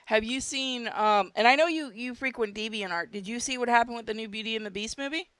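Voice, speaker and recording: A woman's voice: on the high side, brisk, a bit bright, clear, resonant tone, no echo. A woman chatting casually as a podcast host, blunt and crude with laughing asides.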